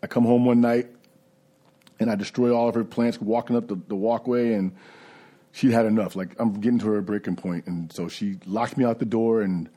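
Low, mellow-voiced man telling his story. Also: fairly even intonation, normal speed. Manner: candid, conversational storytelling. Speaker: recovery speaker. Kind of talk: personal recovery testimony.

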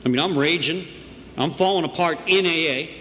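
A man's voice: a little high, normal speed, fairly bright tone. A middle-aged man telling his recovery story to a group in a conversational storytelling way, often asking "right?". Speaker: recovery meeting speaker. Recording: long reverb in a room, faint background noise.

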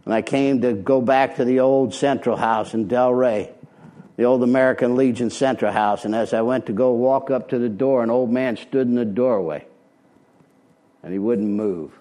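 A man's voice: medium pitch, normal speed, mellow. Blunt plainspoken older man. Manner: blunt, plainspoken, street-wise. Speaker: recovery meeting speaker. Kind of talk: personal testimony talk.

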